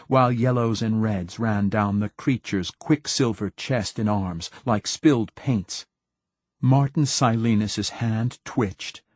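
A man narrating an audiobook with a measured, dramatic reading. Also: fairly low pitch, husky, no echo. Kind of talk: scripted narration.

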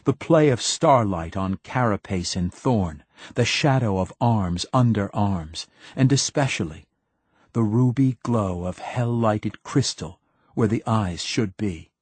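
A man narrating an audiobook with a measured, dramatic reading. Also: lowish voice, a little mellow, breathy edge, dry recording. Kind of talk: scripted narration.

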